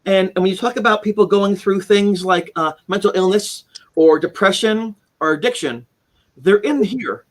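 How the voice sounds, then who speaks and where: A man's voice: high-pitched, normal speed. A man in his forties, the guest, telling his story in an earnest, rambling way with many restarts, speaking from home over a video call. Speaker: guest, author of a haunting memoir. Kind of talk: casual live-stream interview. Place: home room with keepsakes, indoors.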